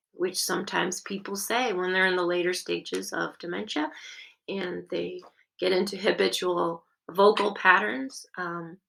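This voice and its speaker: A woman teaching a workshop on music in caregiving, speaking in a gentle, encouraging, expressive way with occasional fillers. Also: fairly low pitch, creaky, poor audio.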